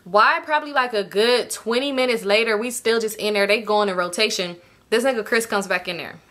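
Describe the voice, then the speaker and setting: A young woman telling a casual storytime to her viewers, animated and slangy, often addressing them directly. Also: mid-range voice, brisk. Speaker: storytime vlogger.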